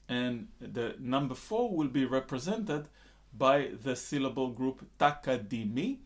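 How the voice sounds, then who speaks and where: A man teaching a rhythm lesson, explaining slowly and then counting in and reciting drum syllables loudly in time. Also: mid-range voice.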